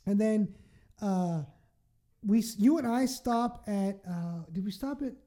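A woman telling a wild story in casual chat, animated, swearing and laughing as she goes. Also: medium pitch, a little slow.

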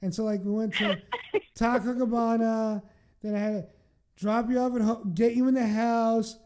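Woman, mellow, fairly high voice, cussing, laughing storyteller in casual chat. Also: moderate pace. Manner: animated, profane, laughing storyteller.

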